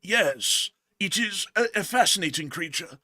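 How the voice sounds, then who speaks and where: A man putting on the voice of a hushed older wildlife documentary narrator, slow and reverent. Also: high voice, expressive, dry recording, studio quality, pitched above the performer's own voice, exaggerated voice.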